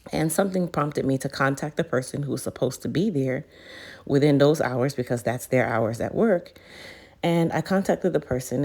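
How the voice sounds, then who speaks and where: A woman with a very low, mellow voice tells a story in a casual vlog. She talks chattily and speaks straight to her viewers. She sounds like a business owner in her thirties. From United States. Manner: chatty, addresses viewers directly. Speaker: hair care business owner.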